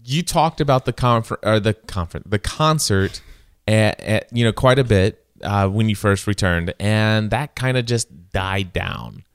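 Easygoing male podcast co-host with a clear, resonant voice, recorded dry. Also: fairly low pitch, unhurried, dry recording. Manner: easygoing, short agreeing replies. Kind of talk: casual chat.

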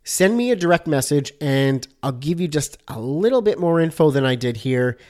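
Upbeat guy podcasting solo, kinda high voice, loads of likes and ums. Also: expressive, normal speed, a little mellow. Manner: upbeat and chatty, with many "like" and "um" fillers. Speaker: podcast host, designer. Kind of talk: casual solo podcast talk.

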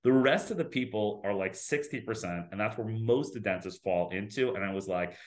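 A dentist in his fifties chatting casually as a guest, telling lively stories and acting out the voices he quotes. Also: fairly low pitch, fairly quick, hardly any pauses. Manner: animated storyteller who acts out quoted voices. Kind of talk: casual podcast conversation.

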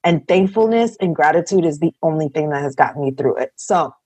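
A woman's voice: low-pitched, animated, fairly quick, darkish tone, breathy edge, no echo. A young woman co-hosting a podcast in casual chat, speaking in an earnest, heartfelt way. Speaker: podcast co-host.

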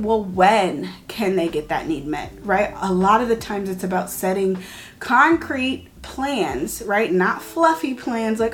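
A woman giving parenting advice straight to the viewer, talking animatedly, acting out things a parent might say and often checking in with "right?". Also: mid-range voice. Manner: animated, acts out parent quotes, frequent "right?". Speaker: parenting educator. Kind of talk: direct-to-camera parenting advice.

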